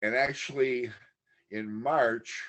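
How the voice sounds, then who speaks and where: A man's voice: medium pitch, fairly even intonation, slow pace, fairly bright tone. Man, podcast guest, casual interview, candid, matter-of-fact storytelling. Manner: candid, matter-of-fact retelling of a long ordeal.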